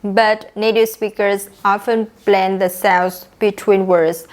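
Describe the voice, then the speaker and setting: A woman's voice: mid-range voice, steady tone, slow, a little mellow. Young woman teaching English. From Vietnam. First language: Vietnamese. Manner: clear and instructive, acts out example phrases. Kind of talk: online English lesson.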